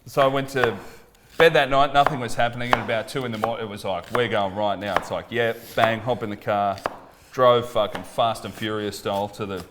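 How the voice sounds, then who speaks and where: An Australian man in his thirties, a comedian telling loud, profane, animated stories in casual chat. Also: mid-range voice, a little fast, noisy background. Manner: loud, swearing, animated bits. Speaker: comedian podcast co-host.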